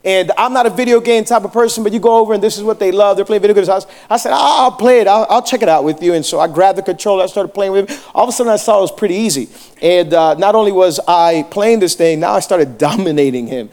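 A man's voice: sits high, fast talker, darkish tone. A young adult man preaching a sermon as pastor, telling jokey stories and putting questions to the crowd. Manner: joking, storytelling, asks the crowd questions.

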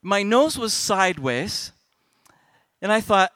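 A middle-aged man speaking on stage at a youth festival, telling a comic personal story to kids with big swings in loudness. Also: high voice, animated, moderate pace, no room sound.

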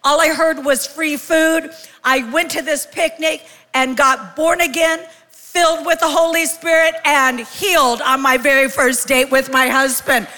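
A woman in her sixties giving a lively, joking live sermon as a guest speaker, calling out to the congregation in a large church. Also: high-pitched, unhurried. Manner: lively, joking, calls out to the crowd. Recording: long hall reverb from a live church.

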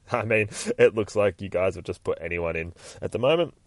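Low-voiced male comic podcast host, swearing, rambling, dry close read. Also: moderate pace, no echo. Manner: profane, rambling, joking. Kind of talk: casual comic book reading and commentary.

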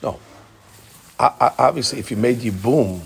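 A man's voice: medium pitch, normal speed, vocal fry, darkish tone. A man teaching a Talmud study class, explaining step by step, repeating key phrases and answering students' questions.

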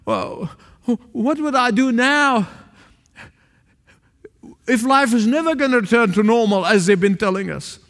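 A man preaching a sermon to a small congregation in a church, emphatic, swinging between raised calls and low, quiet asides. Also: a little slow, creaky, long pauses. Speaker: pastor. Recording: long reverb of a large hall.

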